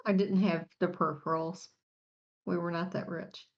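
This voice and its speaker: A woman's voice: on the low side, flat delivery, normal speed. A woman co-hosting a podcast, reading a horoscope in a matter-of-fact conversational way. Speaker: podcast co-host. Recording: dull lo-fi audio.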